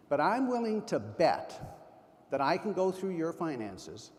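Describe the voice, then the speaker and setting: A man's voice: a little high, lively intonation, a little fast, a little mellow. A man in his sixties giving a motivational keynote at a sales conference, emphatic and full of anecdotes. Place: large conference hall. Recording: long hall reverb.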